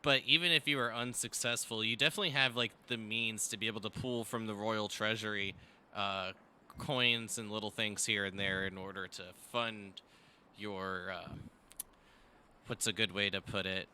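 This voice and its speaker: A man's voice: on the low side, steady tone, moderate pace, pushed and bright, clean tone. A man running a tabletop game as game master over voice chat, hesitant and full of fillers, laughing easily.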